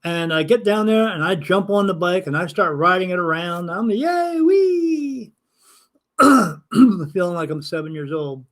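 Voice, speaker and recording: High-voiced older man telling a story. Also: moderate pace. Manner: animated, acts out dialogue, casual swearing. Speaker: spirit medium hosting a live stream. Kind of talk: casual anecdotal storytelling.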